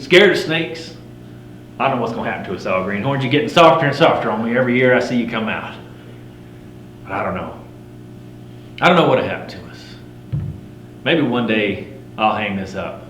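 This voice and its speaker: A grizzled mountain man, played by a middle-aged man, spins a campfire tall tale in a folksy drawl and rough frontier grammar. He swaggers and stays wry, with a voice in the middle range for a man. The room is roomy, with a faint hum underneath. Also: mid-range voice, a bit bright, natural voice. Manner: swaggering, wry, chuckling at his own yarns. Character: boastful frontier mountain man, grizzled fur trapper telling tall tales. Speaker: living history storyteller.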